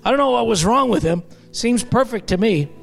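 Male pastor, sermon, very high pitch, conversational, joking asides. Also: animated, brisk, creaky, soft background music.

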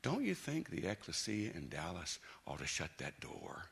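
A man preaching with a gravelly, rough edge and a bright, forceful tone. He is emphatic, sinking into low, hushed intensity and then climbing into loud, pointed bursts. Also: huge pitch swings, normal speed. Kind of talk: sermon.

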